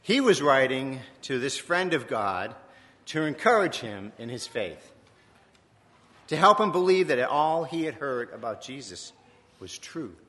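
A man from Virginia gives a sermon in a church. He talks in a reflective, conversational way and corrects himself as he goes, with a bright, forceful tone and lively swings in pitch. His voice carries a long reverb. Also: unhurried. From Virginia, USA. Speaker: preacher.

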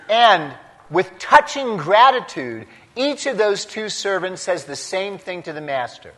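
A man, a priest, preaching a homily in a slow, deliberate way, breaking his points into short emphatic phrases. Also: a little high, bright, forceful tone. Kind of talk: sermon. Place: large church. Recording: long church reverb.

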